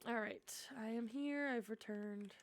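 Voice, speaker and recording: Young woman streamer, gravelly, slightly high voice, chatty and tender. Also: measured pace. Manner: chatty, softly emotional. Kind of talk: casual game commentary and reading aloud.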